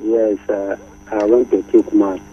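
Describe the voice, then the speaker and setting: A man calling in to a radio show, speaking in a measured, deliberate way. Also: on the low side, little pitch movement. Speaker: radio caller. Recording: distant muffled phone line.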